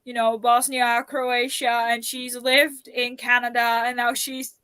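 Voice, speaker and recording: High-voiced rambling Dutch woman. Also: level tone, measured pace, sharp tone, clean tone, no echo. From Netherlands. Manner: rambling, full of restarts. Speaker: booktube host. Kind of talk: casual chat.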